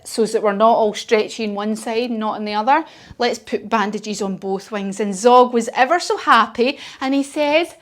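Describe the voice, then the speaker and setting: A woman telling a story while leading a children's yoga class, playful and encouraging. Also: a little high. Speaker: kids yoga teacher.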